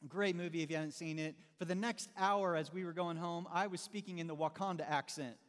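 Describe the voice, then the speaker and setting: High-voiced preacher in a reverberant hall. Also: male voice, a little fast. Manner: conversational, animated, calls listeners "man". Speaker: pastor. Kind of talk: sermon.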